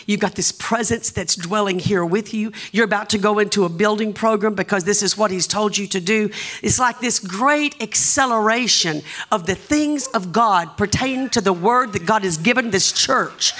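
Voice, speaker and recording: A woman's voice: medium pitch, moderate pace. Southern lady preacher, fired up sermon, keeps hollering come on at the church. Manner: impassioned, building to shouts, urging the crowd. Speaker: guest preacher. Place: church sanctuary.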